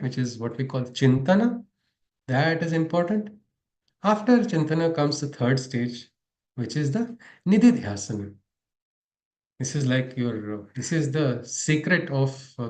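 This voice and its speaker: A man with a slightly mellow, mid-range voice teaches a spiritual lesson in an echoey room. His lecture unfolds through stories, and he frequently chuckles and asks his listeners questions.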